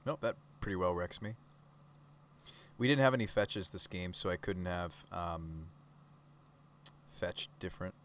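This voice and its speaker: Male streamer, fairly low voice, loose live-stream commentary, keeps quizzing his chat. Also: steady tone, unhurried, long pauses, fairly bright tone, a little hiss or hum. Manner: casual, chatty, talks to chat with rhetorical questions.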